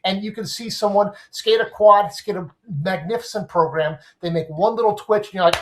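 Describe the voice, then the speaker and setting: A man, a guest sports writer, talking in a casual podcast discussion and explaining things in an animated way with everyday comparisons. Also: sits high, brisk, few pauses, slight background noise.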